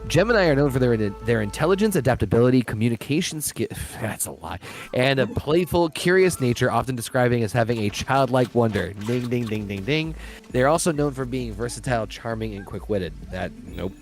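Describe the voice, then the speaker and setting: A man's voice: mid-range voice, animated, a little fast, faint music behind. A middle-aged man hosting a casual gaming chat, swearing and joking, reading lists aloud. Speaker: host.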